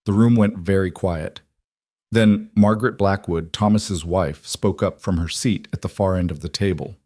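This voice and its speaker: A man giving an even, measured scripted story narration. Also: low-pitched, no echo, clean studio sound.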